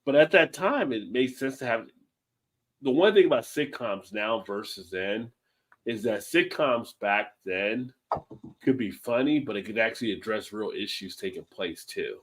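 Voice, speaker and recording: A man's voice: lowish voice, lively intonation, moderate pace. A man hosting a casual livestream chat over beers, rambling and laid-back, swearing now and then. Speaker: livestream host.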